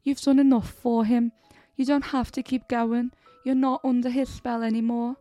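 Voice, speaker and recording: A woman's voice: fairly high pitch, flat delivery, moderate pace, dark tone, no echo, soft background music, natural voice. A woman voicing a foul-mouthed, skeptical teenage boy in a horror story reading, speaking bluntly and dismissively. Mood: gentle. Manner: swearing, dismissive.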